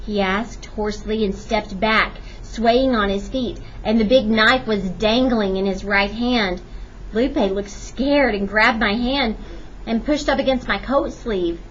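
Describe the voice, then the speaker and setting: A woman narrating a children's historical novel in steady, clear audiobook storytelling. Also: medium pitch, a little slow, a little hiss or hum. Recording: dull lo-fi recording.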